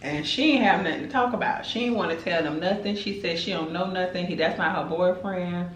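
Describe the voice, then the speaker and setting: A woman's voice: fairly low pitch, fairly quick, reverberant, a little hiss or hum, rough recording. A woman tells a dramatic story in casual chat while eating on camera. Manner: animated, chatty, dramatic retelling. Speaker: mukbang host.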